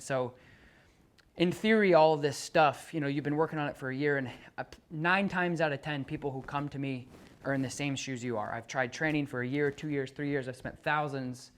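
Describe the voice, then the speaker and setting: A man's voice: medium pitch, fairly quick, a little hiss or hum. Earnest man explaining dog training. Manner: earnest, many restarts, acts out dog and owner. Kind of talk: explaining to a client.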